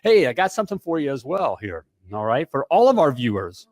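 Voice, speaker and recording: A middle-aged man hosting a live talk show, energetic and repetitive, tossing in "all right?" and "hey" between lines. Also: fairly high pitch, fairly quick, no echo.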